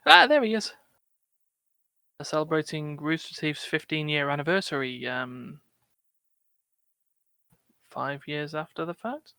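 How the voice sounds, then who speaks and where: A man from England hosting a casual gaming podcast, rambling and quick to laugh. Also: fairly high pitch, expressive, bright, forceful tone, clear, resonant tone, dry recording. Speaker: podcast host. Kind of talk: casual chat.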